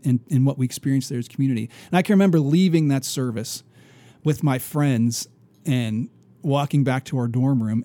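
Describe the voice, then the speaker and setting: A man co-hosting a casual faith podcast, telling a story earnestly with many restarts and soft, trailing asides. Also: medium pitch, dry recording. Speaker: podcast co-host.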